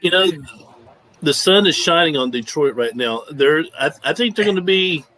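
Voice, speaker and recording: A man's voice: a little high, lively intonation, moderate pace, sharp tone, slight background noise, rough recording. A man in casual sports podcast chat, easygoing and hesitant, with many fillers. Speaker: co-host.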